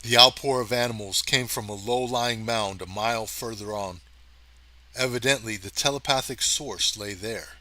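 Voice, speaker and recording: A man reading a science fiction story aloud as narrator, steady and even. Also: fairly low pitch, normal speed. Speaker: audiobook reader. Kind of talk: scripted narration.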